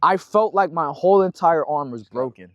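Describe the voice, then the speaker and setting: Young male guest, casual slangy storyteller, mid-pitched, very dry close sound. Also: lively intonation, normal speed, dry recording, highs cut off. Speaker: guest musician. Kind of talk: casual interview conversation.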